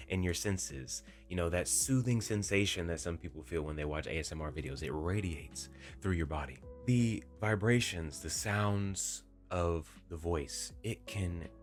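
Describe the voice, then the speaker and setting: Young male video creator, very low voice, gentle and inviting, paces his speech with pauses, soft music behind. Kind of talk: reflective talk to camera. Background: faint background music.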